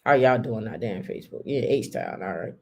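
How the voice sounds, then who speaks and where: A woman's voice: very deep voice, lively intonation, fairly quick, mellow. A woman hosting a live stream, chatting casually and talking straight to her viewers. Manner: chatty, addresses viewers directly.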